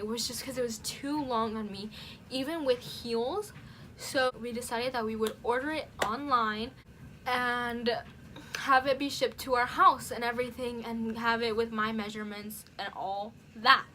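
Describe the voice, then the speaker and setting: A teenage girl chats straight to camera in a storytime vlog. Her voice is bright and sits a little high, and she throws herself into the retelling with lots of "like." A faint hiss runs under the recording. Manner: animated, dramatic retelling with lots of "like". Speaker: YouTuber.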